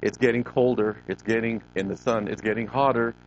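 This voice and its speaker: A man's voice: on the low side, steady tone. Man preaching on a dull lo-fi recording. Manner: preaching with emphatic rises and drawn-out words. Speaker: pastor. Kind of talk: sermon. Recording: dull lo-fi recording with faint noise.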